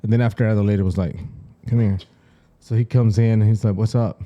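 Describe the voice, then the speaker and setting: Mellow-voiced man telling stories with laughs. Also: on the low side, fairly quick, muffled recording. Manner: animated storyteller, laughs often, acts out quotes. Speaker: podcast co-host. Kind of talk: casual chat.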